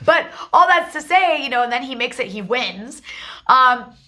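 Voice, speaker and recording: A woman's voice: sits high, lively intonation, moderate pace, sharp tone. A woman hosting a political talk show, delivering emphatic commentary in long run-on stretches. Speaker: show host.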